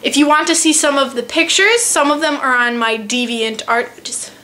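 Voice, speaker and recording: A teenage girl vlogging, telling a funny travel story in a casual, animated, self-mocking way. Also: high voice, normal speed, a little hiss or hum. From United States. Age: teens.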